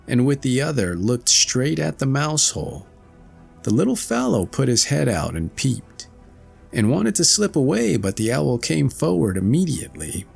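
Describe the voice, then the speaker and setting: A male storyteller reads classic fairy tales aloud at an unhurried pace, his voice rough and gravelly. His delivery is lively, rising and falling to paint each scene, with soft music faintly underneath. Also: mid-range voice. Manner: slow, expressive fairy-tale reading. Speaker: audiobook narrator. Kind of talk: storybook narration.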